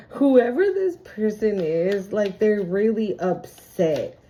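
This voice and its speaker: A woman's voice: medium pitch, animated, drawn-out words, dark tone, a little hiss or hum. Salty, laughing woman tarot reader. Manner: chatty and profane, laughs often. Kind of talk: casual spiritual reading.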